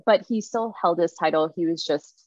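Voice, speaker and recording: A woman guest retelling a workplace story in casual, animated talk full of fillers. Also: lowish voice, moderate pace, dry recording. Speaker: interview guest. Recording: muffled lo-fi dry recording.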